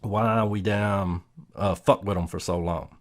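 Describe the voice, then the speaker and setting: Man, lowish voice, blunt, cursing, mocking, casual movie review. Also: steady tone, a little slow. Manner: blunt, profane, laughs often, mocking.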